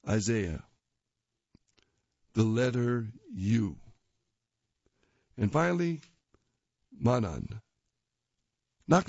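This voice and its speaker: Low, mellow man reading jokes at an unhurried pace with chuckles; dry, dull lo-fi recording. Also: no room sound. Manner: chuckles at the jokes, casual asides. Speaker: reader of readers' jokes.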